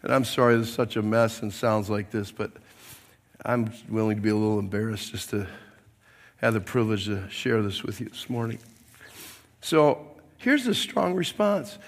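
A middle-aged man, a pastor, preaching a sermon to his congregation in a chatty, joking way, with a hoarse, coughing throat. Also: lowish voice, expressive, moderate pace. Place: church sanctuary. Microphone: mic at the pulpit, then a handheld mic. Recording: long hall reverb.

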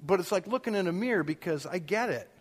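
A middle-aged man telling a story in a sermon. He speaks casually, with self-mocking humor, and loudly acts out the things people said. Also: sits high, expressive, fast talker, husky. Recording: long reverb of a large hall.

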